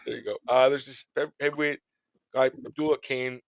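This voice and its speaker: A man hosting a podcast in casual chat, rambling through topics with quick joking asides. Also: medium pitch, flat delivery. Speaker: podcast host.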